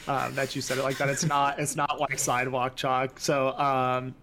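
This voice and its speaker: A man's voice: medium pitch, completely flat delivery, normal speed, a crowd in the background. A man in his thirties chatting as a podcast guest, rambling with many fillers and restarts. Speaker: guest pixel artist. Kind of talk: casual podcast chat.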